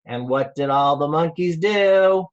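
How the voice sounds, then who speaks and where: A rabbi reading a picture book aloud to children over a video call, slow and playful, asking them questions. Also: male voice, fairly high pitch, lo-fi sound.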